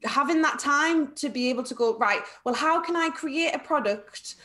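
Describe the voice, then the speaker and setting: A woman with a Liverpool accent, a business networking trainer chatting as a guest in an interview, lively and quick to laugh. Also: high voice. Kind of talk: casual interview chat.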